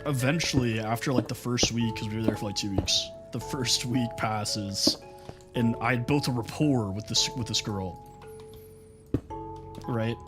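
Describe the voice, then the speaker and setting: A man's voice: medium pitch, measured pace, music in the background. Chatty American guy telling stories. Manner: loose storytelling full of "like" and "bro". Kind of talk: casual chat while gaming.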